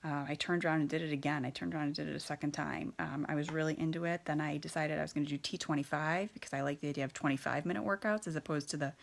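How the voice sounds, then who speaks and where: Woman in her thirties, low and gravelly, telling her story candidly, hesitant with lots of fillers. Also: steady tone, rapid-fire, few pauses. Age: 30s. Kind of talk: personal storytelling.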